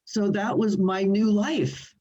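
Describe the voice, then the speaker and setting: An older woman speaks from her home over a video call, telling an animated story with frequent laughs and false starts. Her pitch sits in the middle for a woman. The audio is dull and lo-fi. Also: slow pace. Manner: animated, laughing, restarts often. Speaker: singer, interview guest. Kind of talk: storytelling in a remote interview.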